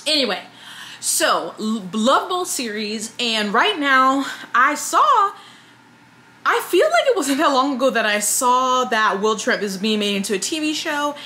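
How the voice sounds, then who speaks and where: A woman talking casually to camera as a book reviewer, chatty and opinionated, with many fillers and quick asides. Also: sits high, very animated, pushed and bright, slight background noise.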